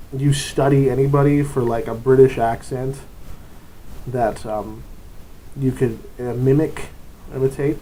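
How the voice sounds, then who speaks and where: A man's voice: on the high side, dark tone, a little hiss or hum, low-quality recording. A man hosting a casual tabletop role-playing vlog. He rambles and often cuts himself off mid-sentence, with plenty of fillers. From grew up in Germany. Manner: rambling, self-interrupting, chatty. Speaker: tabletop RPG channel host.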